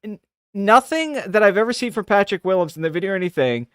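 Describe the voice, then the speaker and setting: A man's voice: sits high, expressive, quick pace, smooth, no room sound, studio quality. A man co-hosting a podcast, ranting crudely and profanely in casual chat. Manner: crude, profane, rambling rants. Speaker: podcast co-host.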